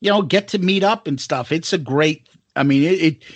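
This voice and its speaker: A man's voice: fairly high pitch, moderate pace, no room sound. A man co-hosting a podcast, joking crudely and swearing in casual banter. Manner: profane, jokey, animated. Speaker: podcast co-host.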